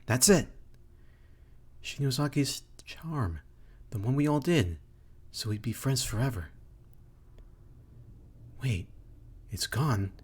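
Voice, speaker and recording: Man doing a high, breathy, anxious schoolgirl for a game voice-over. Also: expressive, takes it slowly, long pauses, darkish tone. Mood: panicked. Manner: high, strained girlish voice. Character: anxious teenage schoolgirl, timid and fretful. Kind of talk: let's play voice acting.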